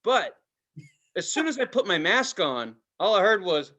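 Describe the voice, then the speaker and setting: A man co-hosting a podcast in casual chat, telling profane, animated stories and mimicking voices. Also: sits high, unhurried. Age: adult with a child. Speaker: podcast co-host.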